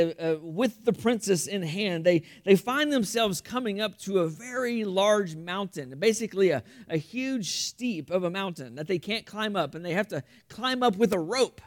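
A man preaching a sermon as pastor, telling a story earnestly, with frequent repetitions. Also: high voice. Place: church room.

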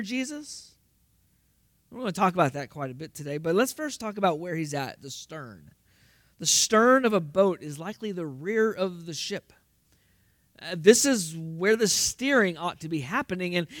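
A man preaching with a notably high voice. He works through rhetorical questions and breaks into emphatic bursts. The recording is dry, with almost no room sound. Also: dry recording. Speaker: pastor. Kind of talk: sermon.

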